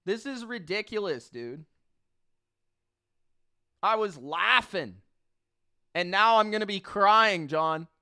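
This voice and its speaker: A man hosting a live sports reaction stream, giving play-by-play and swearing, swinging from muttering to yelling and repeating himself in disbelief. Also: sits high, expressive, slow, long pauses, smooth.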